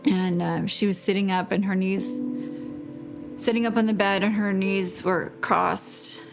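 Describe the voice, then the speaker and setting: Slow, gravelly-voiced grieving mother. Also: mid-range voice, fairly even intonation, over music. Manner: halting, with pauses and restarts. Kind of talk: emotional interview testimony.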